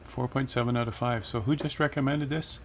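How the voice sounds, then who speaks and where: A man's voice: medium pitch, fairly even intonation, a little fast, a little hiss or hum. A middle-aged man hosting a casual flight-sim livestream, chatting and reading viewer comments aloud with frequent laughs. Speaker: livestream host.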